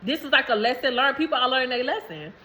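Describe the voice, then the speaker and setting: A woman's voice: high-pitched, expressive, quick pace, bright, forceful tone, poor audio. A woman vlogging to camera in a casual, rambling way, repeating herself and laughing between phrases. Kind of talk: casual spiritual talk to camera.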